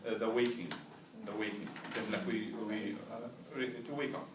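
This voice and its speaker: A man's voice: on the low side, little pitch movement, normal speed, noisy background. A man teaching a language class, drilling students to repeat after him and checking with "right?" and "understood?". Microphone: far camera. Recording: roomy, distant classroom recording.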